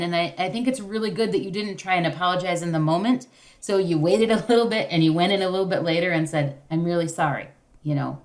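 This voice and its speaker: Woman, parenting-class facilitator; encouraging, loose delivery with fillers, video-call sound. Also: medium pitch.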